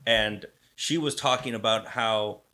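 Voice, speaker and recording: A man's voice: on the low side, a little slow, pushed and bright. A man co-hosting a podcast, talking casually in rambling, restarting sentences and swearing loosely. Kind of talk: casual conversation.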